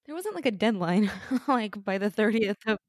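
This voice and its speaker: A woman's voice: mid-range voice, animated, normal speed, dry recording. Chatty woman, dry close sound. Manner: opinionated, laughs often, swears. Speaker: podcast co-host. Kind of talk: casual rewatch chat.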